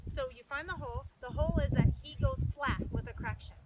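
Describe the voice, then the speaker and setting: High-voiced woman coaching dog training. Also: quick pace. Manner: direct, encouraging instructions, praising the dog. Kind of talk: outdoor coaching session. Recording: distant, dull, noisy outdoor recording.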